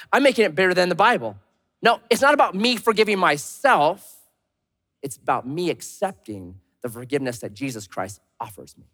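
Male pastor, lively sermon delivery, moving between loud and soft, slightly high voice, long church reverb. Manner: animated, swings from loud to hushed.

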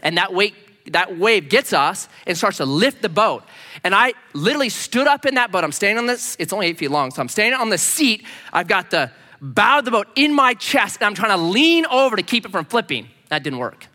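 A male pastor animatedly tells a personal story during a sermon, performing the voices of its characters. He has a high voice and speaks fairly quickly, with a long reverb tail.

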